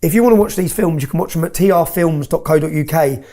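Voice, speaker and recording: Fairly high and mellow, this Englishman's voice moves at a quick pace. As an interview guest he tells heated, emphatic stories, frequently finishing points with "yeah?".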